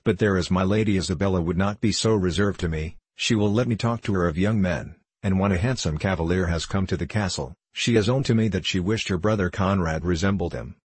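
A man reading the part of a young maid who gossips and frightens easily, in a husky, low voice. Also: brisk, hardly any pauses, no echo. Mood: chattering.

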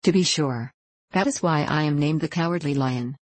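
Lady doing a timid gentle lion, low and mild, storybook reading. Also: normal speed, no room sound. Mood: wistful. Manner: mild, hesitant speech. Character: big timid male lion, gentle and sighing.

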